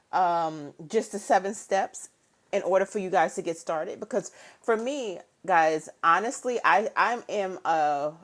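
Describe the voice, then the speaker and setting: Woman in her thirties, business coach live-streaming from home, low-ish voice, animated and chatty, greets viewers by name. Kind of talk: casual motivational live stream.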